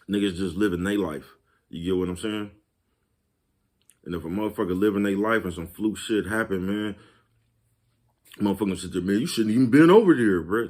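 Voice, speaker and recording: A man, talking casually to his viewers, laid-back and repetitive, laughing at his own jokes. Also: fairly low pitch. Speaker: vlogger. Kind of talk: casual monologue to camera.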